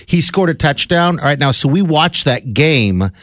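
A man co-hosting a podcast, chatting casually about football with an animated storytelling manner and many fillers. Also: a little high, normal speed, no room sound, clean studio sound. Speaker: podcast co-host. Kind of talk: casual sports chat.

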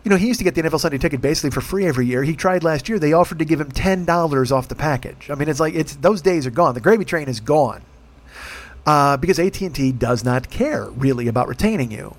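A podcast host telling a long, rambling story in casual, profane language, with frequent restarts and exasperation. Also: male voice, a little high, expressive, fast talker.

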